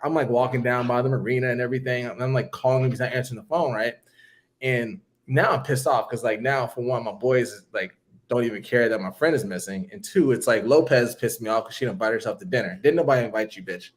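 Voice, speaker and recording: A man casually telling a long story on a podcast, acting out what people said with big jumps in his voice. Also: fast talker. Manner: animated, acts out quotes with big pitch jumps.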